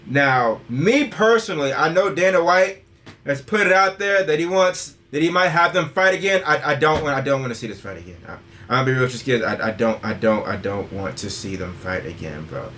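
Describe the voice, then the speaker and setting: A man's voice: mid-range voice, brisk, a bit bright. A young man hosting a casual podcast, rambling and tacking "and stuff like that" onto his points. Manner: rambling, says "and stuff like that" constantly. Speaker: podcast host.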